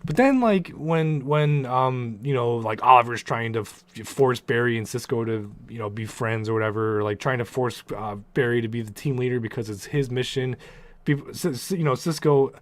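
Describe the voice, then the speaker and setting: A man's voice: mid-range voice, normal speed, dry recording. Rambling, profane young man. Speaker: TV show reviewer. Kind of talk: casual spoken review.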